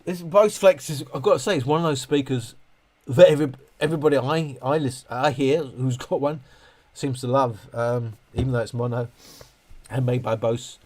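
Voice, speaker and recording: Reading viewers' questions from chat, this livestream host rants animatedly and breaks into frequent laughter. His voice is mid-range and his speed normal.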